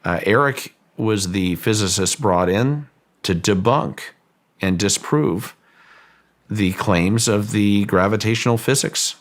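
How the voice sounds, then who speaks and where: A man as an interview guest, recounting a story in a measured, deliberate way with frequent restarts. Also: lowish voice. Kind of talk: storytelling in a long-form interview.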